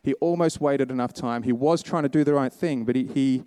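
Male pastor, casual sermon storyteller, mid pitch, dry close sound. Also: fairly quick, mellow, clean tone, no room sound. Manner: casual storytelling, acts out characters' quotes. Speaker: preacher.

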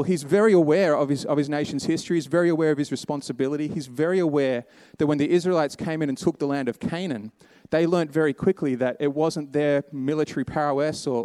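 A man's voice: fairly high pitch, quick pace, few pauses, warm tone, no echo. A man preaching a sermon, telling a Bible story in a casual, conversational way and voicing the characters' lines.

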